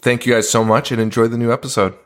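A man's voice: medium pitch, flat delivery, quick pace. A man co-hosting a podcast, chatting casually and laid-back, laughing often and swearing freely. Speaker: podcast co-host. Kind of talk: casual chat.

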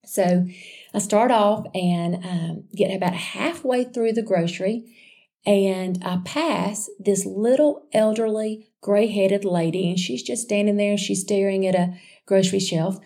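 Mellow woman telling a story. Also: mid-range voice, measured pace, creaky. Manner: chatty and animated, addressing listeners as y'all, with frequent restarts and asides. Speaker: speaker sharing a personal faith testimony. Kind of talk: conversational storytelling testimony.

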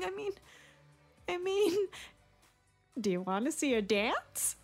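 A young woman performing a one-woman stage monologue, talking in rapid, stammering, comic teen chatter. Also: on the high side, big pitch swings, darkish tone, soft background music. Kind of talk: theatrical monologue.

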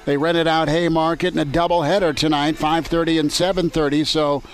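Man, radio host, slightly high voice, joking banter, broadcasting from a ballpark. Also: flat delivery, fairly quick, faint music behind. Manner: joking, loose, easygoing banter. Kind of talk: casual sports talk radio. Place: outdoors at a ballpark.

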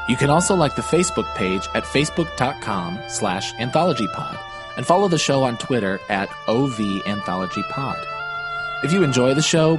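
A man reading a podcast outro in a steady, even scripted way. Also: on the low side. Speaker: podcast announcer. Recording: voice over loud music. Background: loud music bed.

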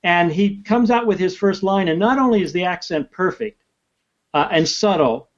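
A man, an author, telling stories in a lively, chatty way during a podcast interview. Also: sits high, moderate pace, dull audio.

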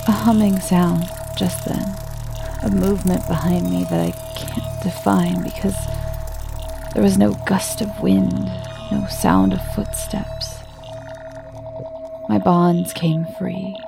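Woman storyteller, slow unhurried pace, gravelly fry, hushed half-whisper, music underneath. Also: lowish voice, fairly even intonation. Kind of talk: scripted story narration.

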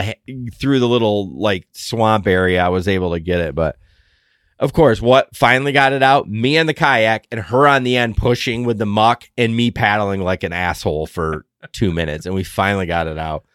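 A man co-hosting a podcast, telling a story in casual chat, animated, jumping between loud outbursts and muttered asides. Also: lowish voice, no room sound, studio quality. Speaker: podcast co-host.

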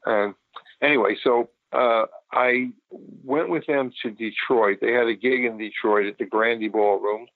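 A man's voice: medium pitch, steady tone, unhurried, no echo. An older man, a photographer, recalling his past in a rambling, casual interview. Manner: rambling, with many restarts and fillers. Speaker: photographer guest. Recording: tinny phone line, dry.

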